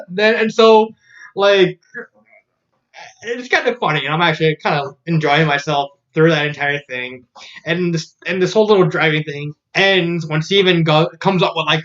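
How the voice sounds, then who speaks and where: A casual fan-fiction reviewer who rambles, restarts sentences and laughs along the way. The voice sits at a middling pitch. The recording is muffled and lo-fi. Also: a bit bright.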